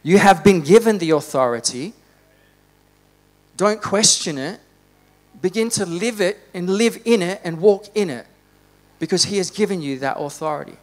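A man preaching a sermon in a church, fervent, rising to loud exhortation and dropping to quiet reflection. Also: high-pitched, animated, moderate pace, long pauses. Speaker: pastor.

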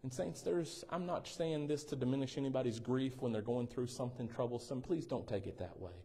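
A male pastor with a mid-range, dark, slightly rough voice preaches a little fast in a church sanctuary. He's playful, teasing the congregation and prompting them for responses.

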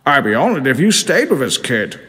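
A man doing a booming old sea captain. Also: big pitch swings, brisk, a bit bright, in a large hall. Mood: grand. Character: grand cigar-puffing old sea captain.

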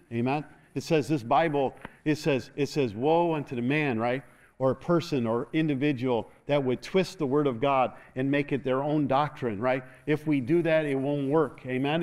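A man's voice: mid-range voice, a little mellow. Joking call-and-response preacher, older man. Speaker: pastor. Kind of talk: sermon.

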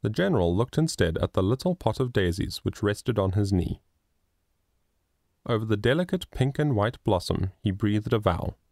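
A man narrating a moral children's story in a measured, expressive reading. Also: lowish voice, dry recording, clean studio sound. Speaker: audiobook narrator.

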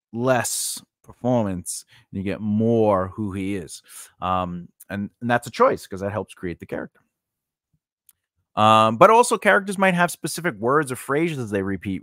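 A man's voice: on the low side, fairly bright tone, dry recording, clean studio sound. Rambling man teaching writing. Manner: rambling, tangents, many fillers and restarts. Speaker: writing podcast host. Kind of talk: casual writing lesson.

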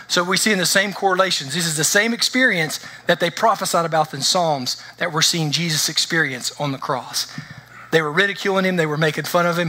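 Male pastor, sermon delivery, fairly high and bright, casual and engaging with the congregation. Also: a little fast. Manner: conversational preaching, checks in with the congregation. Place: church.

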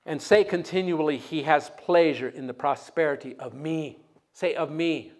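High-voiced preacher leading call-and-response. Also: male voice, normal speed, darkish tone. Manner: storytelling, call-and-response with congregation. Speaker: guest preacher. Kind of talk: sermon. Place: church sanctuary.

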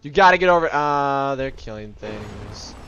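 A man's voice: medium pitch, unhurried, clean tone, dull audio. A man hosting a casual let's-play, joking and calling out to his teammates. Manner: animated, jokey, talks to teammates. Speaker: gaming video host.

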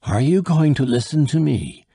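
A man's voice: low-pitched, animated, slow pace, vocal fry, warm tone, slightly rough, dry recording, studio quality, heavily acted. A male reader voicing a dying old nobleman who speaks weakly but insistently. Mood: growling. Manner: weak, insistent and secretive.

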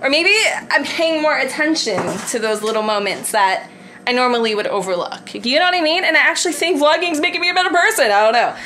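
Chatty vlogger lady rambling at home into her camera, kinda high, giggly. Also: lively intonation, fast, pushed and bright, slight background noise. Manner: giggly, rambling, lots of "like" and "I don't know". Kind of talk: casual chatty vlog. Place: at home, putting away groceries. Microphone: handheld vlog camera.

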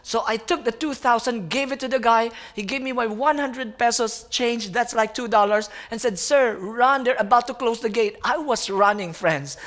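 A young man, preaching as a guest speaker and telling a personal story in an animated way, often calling his listeners friends. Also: extremely high pitch, moderate pace, few pauses. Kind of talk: sermon storytelling.

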